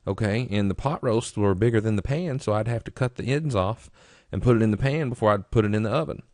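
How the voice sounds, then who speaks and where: An old grandmother explains fondly, gently pitying her listener. A man acts her out in a low, only lightly changed voice. The sound is close and dry. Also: fast talker, no room sound, close to an everyday voice.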